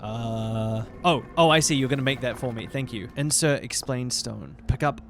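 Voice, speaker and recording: A man commentating his own playthrough of a game, excitable, swearing often and reacting loudly. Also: medium pitch, normal speed, a little hiss or hum. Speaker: streamer playing a game. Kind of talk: let's play commentary.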